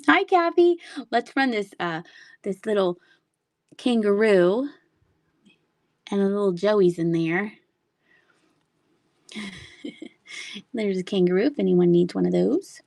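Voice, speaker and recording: A woman's voice: mid-range voice, takes it slowly, gravelly, pauses often, darkish tone, no echo, studio quality. A woman hosting a casual live-selling stream from home, rambling between items and reading out viewer comments. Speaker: livestream seller. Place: home room with shelves.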